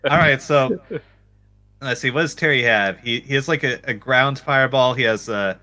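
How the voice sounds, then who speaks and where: A man's voice: medium pitch, moderate pace, sharp tone. A man co-hosting a gaming podcast in casual chat, playful and jokey, telling stories with animation. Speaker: podcast co-host.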